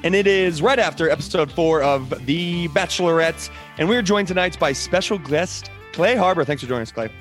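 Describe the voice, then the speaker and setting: A man hosting a casual podcast, upbeat and quick with frequent laughter. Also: on the high side, faint music behind. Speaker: podcast host.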